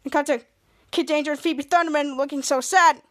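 A woman's voice: high voice, fairly even intonation, fairly quick. A woman hosting a podcast, casually recapping an episode in a rambling way, with many restarts and stumbles over words. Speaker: podcast host.

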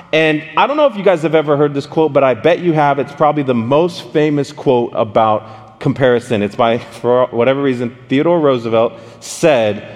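A man preaching a casual, story-driven sermon, animated and speaking straight to his listeners with questions. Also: medium pitch. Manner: animated, addresses the audience directly with questions. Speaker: pastor. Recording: long hall reverb.

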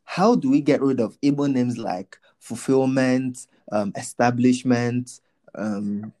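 A man's voice: mid-range voice, slow, warm tone. Teasing man chatting casually. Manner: teasing, joking, playful exaggeration. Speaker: podcast co-host. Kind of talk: casual chat.

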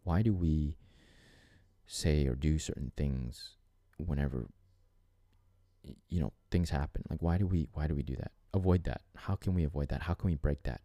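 A man's voice: extremely low pitch, normal speed, dark tone, dry recording, clean studio sound. A man hosting a solo podcast on fatherhood, talking in an earnest, rambling way with many restarts and fillers. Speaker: podcast host. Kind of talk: reflective solo podcast monologue.

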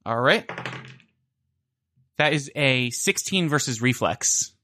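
A man's voice: mid-range voice, lively intonation, slow pace, bright, forceful tone, no echo. A male player at a tabletop game talks casually and hesitantly, stringing his turns together with likes and uhs. The recording is dry and close, and his voice sits in the middle range. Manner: casual, hesitant, many fillers.

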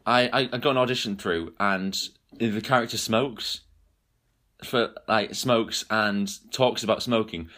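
A man's voice: lowish voice, unhurried, pushed and bright, soft background music. A young man co-hosting a podcast in casual chat, giggly and often stumbling over his words. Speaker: podcast co-host.

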